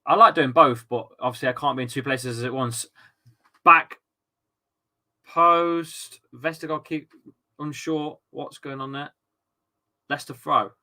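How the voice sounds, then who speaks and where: A man hosts a live football watchalong, talking straight to his viewers in a loose, chatty way. His voice is bright and forceful, and he swings between easy banter and shouted, sweary outbursts at the play. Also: mid-range voice, moderate pace. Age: adult with a young son. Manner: excitable, shouts and swears at the match, chats with viewers. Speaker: livestream watchalong host.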